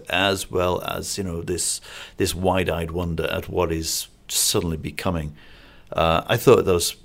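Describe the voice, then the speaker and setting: A man co-hosting a film review podcast, chatting casually and rambling a little with restarts and asides. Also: sits low. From Singapore-based. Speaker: film critic podcast co-host.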